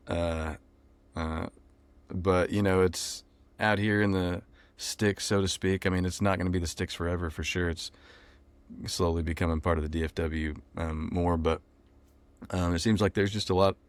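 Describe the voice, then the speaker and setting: A young man, talking casually in an interview with lots of ums and pauses. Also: low voice, no echo. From Texas. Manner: relaxed, many ums and restarts. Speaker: musician guest.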